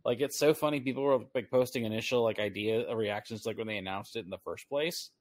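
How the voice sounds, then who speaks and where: A man's voice: fairly low pitch, fast. A man hosting a podcast, chatting casually and animatedly, often laughing and acting out imagined voices. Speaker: podcast host. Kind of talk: casual chat.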